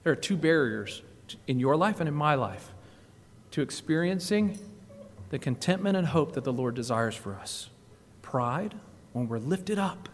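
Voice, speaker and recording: A man preaching a sermon in a church, swinging between loud emphatic exclamations and low hushed passages. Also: expressive, measured pace, pauses often, in a large hall. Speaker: guest preacher. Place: church sanctuary.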